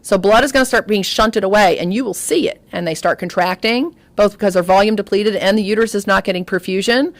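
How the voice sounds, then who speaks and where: A woman lectures at medical grand rounds, lively and chatty, turning to the audience with stories and asides. Her voice is recorded close and dry, with almost no room sound. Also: mid-range voice, quick pace, few pauses, no room sound. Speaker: obstetrics lecturer.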